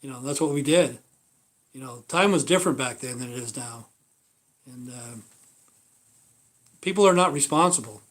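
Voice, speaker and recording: A man's voice: mid-range voice, normal speed, long pauses. An American man in his fifties hosting a livestream, rambling bluntly in casual talk, swearing constantly and trailing off with "you know". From United States. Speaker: livestream host.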